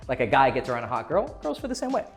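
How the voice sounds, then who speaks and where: Racing along with huge swings in his medium-pitched voice, a man dishes out profane, no-nonsense dating advice straight to camera. Soft background music plays as he casually imitates the voices of the people he quotes.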